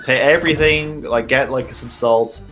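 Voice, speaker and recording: A man co-hosting a live stream in casual chat, joking and quick to poke fun at himself. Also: mid-range voice, a bit bright. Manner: joking, self-deprecating. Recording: game music behind.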